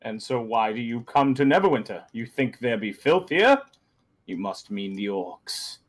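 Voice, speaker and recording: A man's voice: medium pitch, lively intonation, a little slow. A man voicing a stern, suspicious male guard commander who speaks in formal, old-fashioned commands for a tabletop game.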